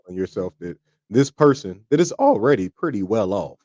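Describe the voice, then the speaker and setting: A man from the American South co-hosting a podcast in casual chat, animated and swearing freely. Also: fairly low pitch, brisk, no echo, muffled recording. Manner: animated, swears freely, slips into put-on voices. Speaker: podcast co-host.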